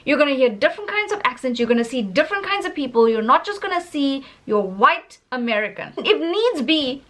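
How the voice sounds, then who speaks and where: A woman's voice: high-pitched, a little fast. A South African woman in her thirties with a South African accent, an English teacher giving her views in a casual, emphatic vlog. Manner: animated, emphatic, laughs often.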